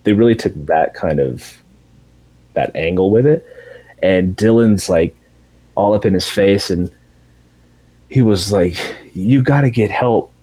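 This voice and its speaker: A man with a very low, dark and husky voice, retelling a TV finale in loose, casual chat. He swears freely and slips into raised voices when quoting the characters. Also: a little slow, pauses often, rough recording. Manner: animated storytelling with profanity, acting out characters in raised voices.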